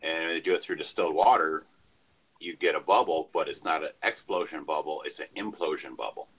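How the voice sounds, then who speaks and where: A man's voice: extremely low pitch, brisk, fairly bright tone, breathy edge. A man on an online panel, explaining a science idea with fillers and restarts. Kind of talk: casual panel chat.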